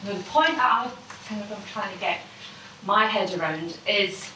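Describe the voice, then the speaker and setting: A woman with a Scottish accent asks a question from the audience at a public meeting, halting and searching for words. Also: medium pitch, background noise. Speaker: audience member asking a question. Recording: echoey hall, distant mic.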